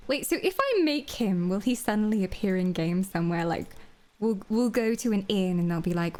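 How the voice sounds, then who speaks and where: A woman streaming a game, chatting in a playful, flirty, self-mocking way. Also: a little high. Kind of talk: casual live-stream commentary.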